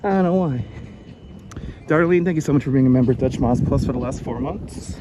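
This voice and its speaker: A man's voice: mid-range voice, brisk. A man hosting a live walking stream on a beach, chatty and a little out of breath, greeting viewers by name over a clip-on mic. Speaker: livestream host. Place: outdoors on a windy beach. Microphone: wireless clip-on mic. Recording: wind noise on outdoor mic.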